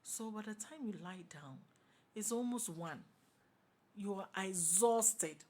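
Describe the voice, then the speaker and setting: A woman with a Ghanaian English accent, speaking as a talk show panelist in a passionate, opinionated discussion, forceful and repeating her points for emphasis. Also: medium pitch, expressive, takes it slowly.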